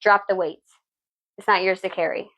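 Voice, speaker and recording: A woman's voice: mid-range voice, fairly even intonation, normal speed, bright, forceful tone. A woman giving a tarot reading, blunt and preachy, swearing freely and asking "okay?" again and again. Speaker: tarot reader. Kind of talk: live tarot reading talk.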